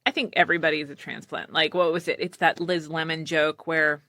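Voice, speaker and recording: Woman podcast host, chatty and laughing, low-ish pitch, dry close studio sound. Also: flat delivery, brisk, sharp tone, no echo. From Pennsylvania. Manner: chatty, laughing, full of quoted asides. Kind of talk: casual chat.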